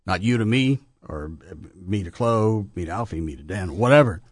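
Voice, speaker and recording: A man's voice: fairly low pitch, normal speed, breathy edge, no room sound, studio quality. A man in his fifties hosting a radio show, chatting casually and telling rambling stories. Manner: rambling storyteller, lively. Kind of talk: casual chat.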